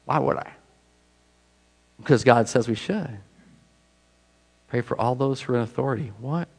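A man's voice: mid-range voice, normal speed, vocal fry, breathy edge. A man preaching a sermon as pastor, talking in a conversational, self-deprecating way with many rhetorical questions.

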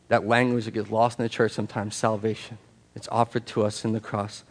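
A man's voice: lowish voice, level tone, a little fast. A man pastor preaching a sermon in a church on a microphone, reading scripture, then talking plainly with casual asides and leading a prayer. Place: church sanctuary. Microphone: handheld or stand microphone.

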